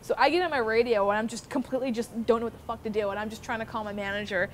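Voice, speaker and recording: A young adult woman telling a story about her old job to the camera in a casual, animated way, swearing often. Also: a little high, racing. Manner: profane, animated, swears freely. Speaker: former theme park worker telling her story. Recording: noisy background.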